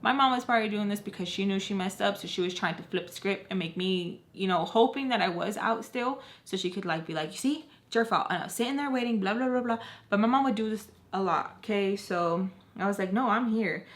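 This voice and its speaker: A woman's voice: mid-range voice, fast talker, few pauses. A young adult woman telling a personal story on her vlog, casual and profane, with constant filler words and emphatic asides. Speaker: storytime vlogger.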